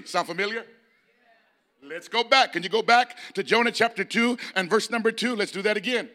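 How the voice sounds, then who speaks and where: A male pastor preaching a sermon, moving from chatty asides to loud, shouted passages. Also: high voice, a little fast.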